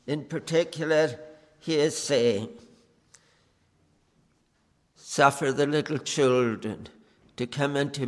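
Male preacher, earnest pleading sermon delivery, unhurried, long reverb from a church hall. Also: mid-range voice.

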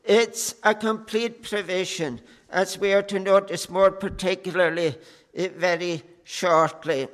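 Slow earnest preacher in a reverberant hall. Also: male voice, sits high, steady tone, fairly bright tone. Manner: slow, earnest, with frequent "eh" pauses and fervent "oh" appeals. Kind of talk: sermon.

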